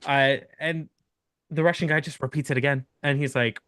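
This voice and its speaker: A young man hosting a podcast, telling a long story in an animated, laughing way with many restarts. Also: fairly high pitch, fast talker, no echo, studio quality. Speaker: podcast host. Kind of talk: casual storytelling chat.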